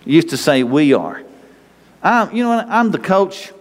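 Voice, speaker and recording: A man with a North Texas accent, a pastor giving a lively, conversational sermon full of rhetorical questions. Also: a little high, moderate pace, in a large hall.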